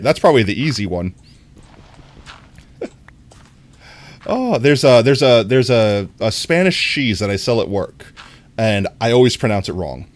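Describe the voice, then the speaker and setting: A young man chatting casually on a gaming livestream, rambling and correcting himself, and getting excited when he greets viewers. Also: mid-range voice. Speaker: streamer.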